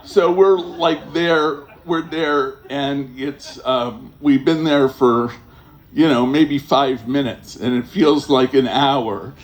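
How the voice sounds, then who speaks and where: A man telling a personal story to a live audience, rambling and halting, with many fillers and restarts, often chuckling as he goes. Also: medium pitch, fairly even intonation.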